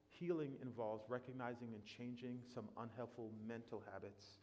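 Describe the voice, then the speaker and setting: A man preaching a sermon in a church, animated, surging loud for emphasis and then dropping quiet and slow. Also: medium pitch, a little hiss or hum. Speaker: pastor. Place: church sanctuary. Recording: long reverb of a church hall.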